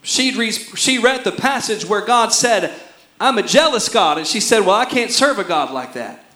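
A man delivers a sermon in a high voice. He swings between shouting and hushed, quiet lines. The sound is roomy and echoey. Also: lively intonation, normal speed. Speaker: pastor.

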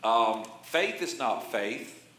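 A man's voice: mid-range voice, lively intonation, takes it slowly, fairly bright tone, slight background noise. A man in his sixties preaching a sermon as a pastor, folksy and conversational, with jokes and frequent amens. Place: church sanctuary. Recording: roomy church echo.

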